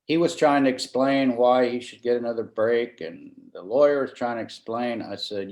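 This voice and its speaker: A man's voice: mid-range voice, normal speed, hardly any pauses, a little mellow. A middle-aged man, a trial lawyer and former county judge, relaxes into a long anecdote in an interview and often quotes himself. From Florida. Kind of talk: storytelling in a conversational interview. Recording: roomy echo.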